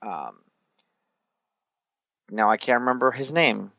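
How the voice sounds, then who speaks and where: A man's voice: medium pitch, expressive, slow, creaky, bright, forceful tone, no room sound, lo-fi sound. A man chatting casually and swearing often as he loosely retells a movie's scenes, laughing along the way. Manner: loose, profane, laughing storyteller. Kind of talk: casual chat recapping a movie.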